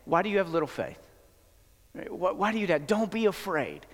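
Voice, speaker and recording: A man acting out a calm male Jesus who gently rebukes his followers in a slow, low voice, within a sermon. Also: lightly acted. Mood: gentle rebuke. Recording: long hall reverb.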